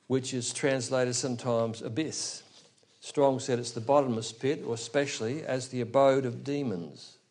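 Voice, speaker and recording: A man's voice: mid-range voice, a little mellow. A man preaching a sermon, explaining a scripture passage verse by verse with rhetorical asides to his listeners. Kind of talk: expository sermon.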